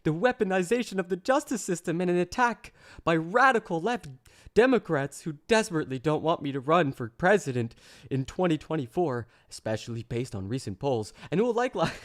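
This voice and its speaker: A man's voice: fairly high pitch, lively intonation, brisk, pitched above the performer's own voice, lightly acted. A man putting on a whiny, sobbing voice as a petulant older male ex-president in a livestream parody. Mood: whining. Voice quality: petulant, tearful whine.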